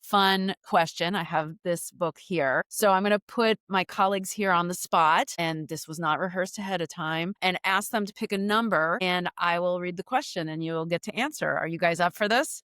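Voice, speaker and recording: A woman's voice: lowish voice, normal speed, few pauses, fairly bright tone, clear, resonant tone, dry recording, clean studio sound. A woman hosting a casual podcast chat, playful and upbeat as she quizzes her colleagues. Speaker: podcast host.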